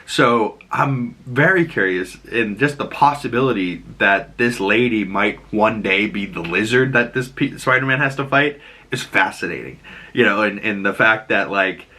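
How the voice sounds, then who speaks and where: Bright-voiced man rambling through a breakdown. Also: lowish voice, a little slow. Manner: rambling, many fillers, acts out quotes. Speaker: host. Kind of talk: casual episode breakdown commentary.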